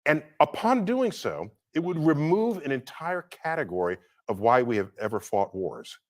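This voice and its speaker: Man giving a thoughtful talk, slightly high voice, big swoops in pitch. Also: sing-song, normal speed.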